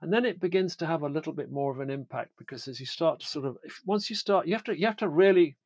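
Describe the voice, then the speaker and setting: A middle-aged man with a British accent talks in a lively, conversational way, his voice sitting a little high for a man. The sound is close and dry, with no room around it. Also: quick pace, breathy edge, dry recording. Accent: British English. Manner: animated, mimics people in comic quoted voices. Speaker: podcast guest, addiction therapist. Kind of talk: casual conversation.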